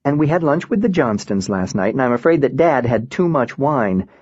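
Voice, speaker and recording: A man's voice: mid-range voice, lively intonation, moderate pace, darkish tone, slightly rough, dull audio. A man reading the lines of a chatty middle-aged mother on the phone, light and gossipy, in a slightly raised voice.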